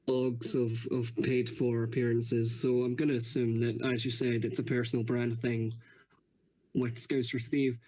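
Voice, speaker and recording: A man co-hosting a podcast, asking halting, teasing questions in casual chat. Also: medium pitch, flat delivery, darkish tone. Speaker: podcast co-host.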